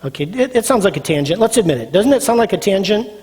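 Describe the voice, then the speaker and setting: A man's voice: high voice, very animated, fast talker, darkish tone, slightly rough. A male pastor preaching a sermon, emphatic and repetitive, asking the audience questions and answering them himself. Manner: emphatic, repeats phrases, asks the audience questions. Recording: long hall reverb.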